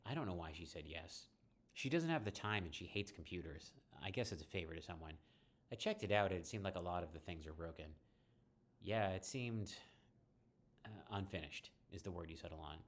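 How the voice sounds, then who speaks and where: A man's voice: sits low, brisk. A man voicing a bitter young woman who is dismissive of her mother, reading from a text game. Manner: flat, dismissive.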